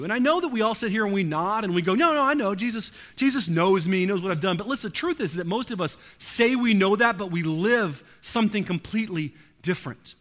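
A man preaching a sermon in an earnest, conversational way, sprinkling in casual asides and swinging between hushed and emphatic delivery. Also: sits high. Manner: casual filler "like" and "right". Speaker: pastor.

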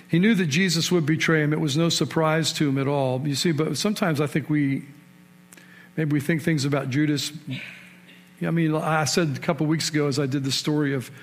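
A man preaching a sermon in a conversational storytelling way, asking his listeners questions and rising sharply in pitch and volume to stress key points. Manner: storytelling, with sudden rises in pitch and loudness for emphasis. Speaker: pastor.

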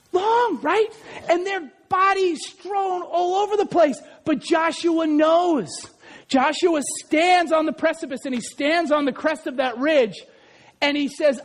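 Male preacher, very high-pitched, animated, shouts then drops to asides, keeps checking in with "right?". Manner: keeps asking the congregation "right?". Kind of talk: sermon.

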